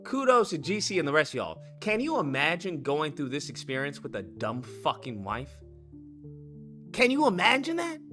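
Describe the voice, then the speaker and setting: A young man talking casually to his viewers as host, telling stories in an excitable, profane way. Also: fairly high pitch, moderate pace, soft background music. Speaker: streamer host.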